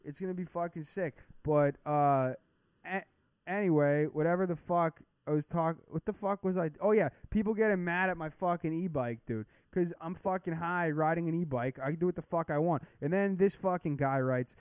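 Young male podcast co-host, profane and cocky, slightly high voice, dead-dry sound. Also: normal speed, clean tone, no room sound. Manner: profane, brash, ranting. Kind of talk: casual podcast chat.

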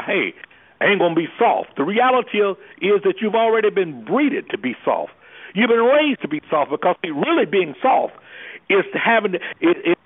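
On a tinny phone call, a man with a high, slightly rough voice holds forth with preacher-like intensity about his work as an anger management specialist. He peppers his impassioned call-in talk with rhetorical questions.

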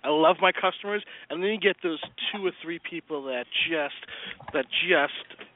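A chef guest on a podcast, chatting casually and agreeably, swearing now and then. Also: male voice, fairly high pitch, moderate pace, slight background noise. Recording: dry phone-like sound.

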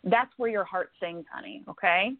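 A woman's voice: mid-range voice, moderate pace. A woman giving a psychic reading on a call-in show, affectionate, calling callers honey and sweetie and checking in with "okay?" again and again. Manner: warm, affectionate, repeats "okay?" often. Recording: tinny phone-line sound.

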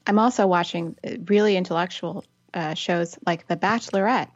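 A woman's voice: lowish voice, fairly quick, no echo. Female podcast co-host, gabby and amused, lo-fi dry recording. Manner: chatty, laughs often, repeats "it's fantastic". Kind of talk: casual chat. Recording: dull lo-fi sound, dry.

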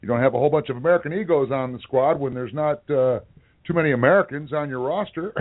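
A man co-hosting a sports talk show in casual chat, halting with many fillers and restarts. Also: mid-range voice. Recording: tinny phone-like audio.

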